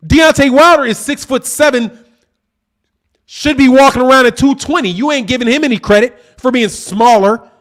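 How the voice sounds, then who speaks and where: This boxing channel host runs a live stream, reading super chats while combatively mocking and trash-talking his viewers. His voice is very high-pitched and fairly bright, at a moderate pace.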